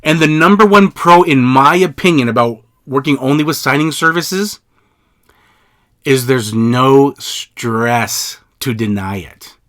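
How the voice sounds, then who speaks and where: Bright, energetic male podcast host. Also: mid-range voice. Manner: energetic, repetitive, conversational advice-giving. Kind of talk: casual solo podcast talk.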